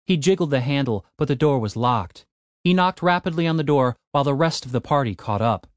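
Expressive male audiobook narrator. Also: mid-range voice, a little fast, no room sound, studio quality.

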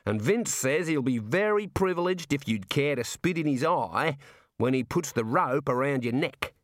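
A man's voice: mid-range voice, lively intonation, no echo, studio quality, voice pushed up, natural voice. A man doing a jovial prison warder. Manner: cheerful, folksy, drawn-out. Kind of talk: audiobook character voice.

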